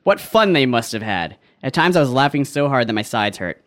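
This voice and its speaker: A man's voice: medium pitch, very animated, fairly quick, a bit bright. A man co-hosting a podcast in casual chat, reading a review aloud with wry joking asides. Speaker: podcast co-host.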